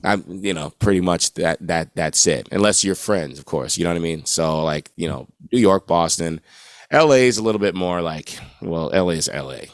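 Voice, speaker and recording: A man's voice: sits low, no echo, studio quality. An American man who is a guest guitarist on a podcast, talking in a laid-back, casual way and swearing freely. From United States. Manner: laid-back, swears freely, keeps asking "you know what I'm saying".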